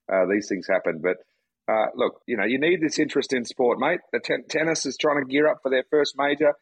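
A man's voice: mid-range voice, slightly rough, dry recording, poor audio. A man with an Australian accent, chatting laid-back on a golf betting podcast and rambling through restarts. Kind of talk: casual podcast chat.

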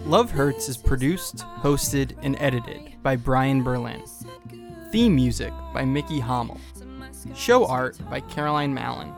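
A male podcast host with a gravelly, creaky voice, talking loosely with his guest and then reading the closing credits. Music plays clearly under his words. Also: medium pitch, expressive, a little slow. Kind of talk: casual interview chat and outro credits.

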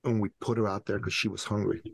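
A man in his forties from the Middle East, a podcast guest and business coach telling an animated, dramatic story. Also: lowish voice, quick pace, gravelly, breathy edge, no echo. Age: 40s. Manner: dramatic, acts out scenes with voices.

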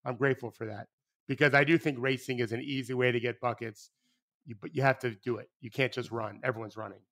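On a relaxed podcast, a one-time basketball coach speaks quickly in a gravelly, medium-pitched voice. He gets animated and wanders off topic, restarts his sentences, and curses casually.

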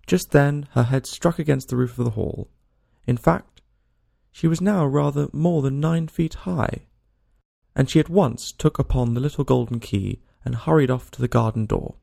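Gravelly male storybook narrator. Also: mid-range voice, normal speed, mellow, dry recording, clean studio sound. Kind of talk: storybook reading.

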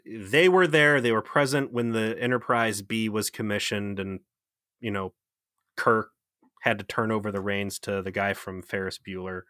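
A man's voice: lowish voice, steady tone, normal speed, sharp tone, no echo, studio quality. A man co-hosting a casual critique chat, ranting with profanity and sarcasm. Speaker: podcast co-host.

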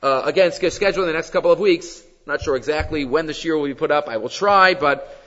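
A man giving a Torah class, teaching with animated delivery and weaving Hebrew and Aramaic quotes into English. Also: fairly high pitch, quick pace, long reverb tail, dull audio. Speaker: rabbi giving a weekly class.

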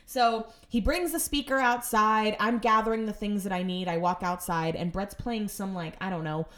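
A woman's voice: medium pitch, fairly even intonation, moderate pace, fairly bright tone. A woman telling stories about her home life in a casual monologue, chatty and exasperated, with sarcastic asides.

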